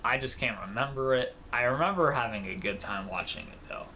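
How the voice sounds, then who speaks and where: Man, gaming vlog commentary; bright, loose, rambling delivery with a faint noise floor. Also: medium pitch, expressive, a little fast. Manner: rambling and informal, with fillers and casual swearing. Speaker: gaming video creator.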